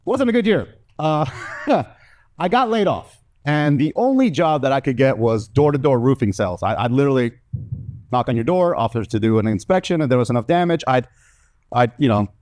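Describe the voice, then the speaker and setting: A man's voice: mid-range voice, expressive, a little fast, darkish tone, no room sound, studio quality. A man from Mexico in his thirties doing a stand-up comedy set, loose and profane, often laughing at his own jokes.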